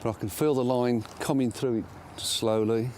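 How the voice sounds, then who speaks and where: A man's voice: mid-range voice, moderate pace, a little hiss or hum. An older man fishing at a lake outdoors, chatting casually and poking fun at himself as he plays a fish. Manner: self-deprecating, excitable. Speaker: angler co-presenter.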